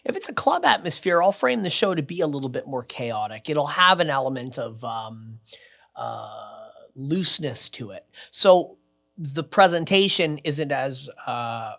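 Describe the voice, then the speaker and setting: A man guesting on a podcast, telling show stories with brash, boastful energy. He talks in bursts, getting loud for punchlines and dropping low for asides. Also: measured pace, gravelly. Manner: brash, boastful, lively swings in loudness. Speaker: mentalist guest. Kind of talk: animated storytelling in conversation. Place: podcast studio.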